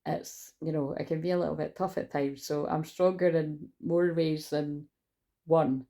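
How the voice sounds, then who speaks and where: Rambling low-voiced woman, gravelly. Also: fairly even intonation, measured pace, mellow. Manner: rambling, chatty, swears freely. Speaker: tarot reader. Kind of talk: casual spiritual tarot reading.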